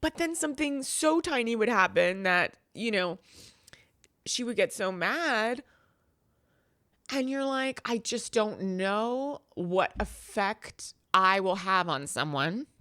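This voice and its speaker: A woman's voice: mid-range voice, takes it slowly, no echo, clean studio sound. A woman guest in an interview, telling a personal family story with feeling and acting out the voices of the people in it. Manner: animated, acts out quoted voices in storytelling. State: crying at times.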